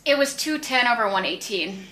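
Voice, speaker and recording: A woman's voice: fairly high pitch, lively intonation, moderate pace, bright, forceful tone, roomy sound. Swearing young woman telling a story. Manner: blunt, swears freely, acts out quoted voices. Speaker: podcast co-host. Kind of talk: casual storytelling.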